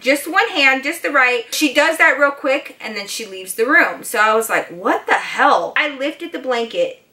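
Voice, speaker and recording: A woman vlogger telling a dramatic personal story in a casual, animated way, full of "like" and "you guys". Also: a little high. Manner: animated, fillers like 'like' and 'you guys'. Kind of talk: storytime vlog.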